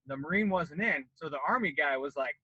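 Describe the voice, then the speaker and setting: Bright-voiced man telling a story. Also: a little high, brisk, husky, dry recording, dull audio. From Colorado. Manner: animated, acts out quoted voices. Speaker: podcast guest, former Marine. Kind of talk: casual storytelling.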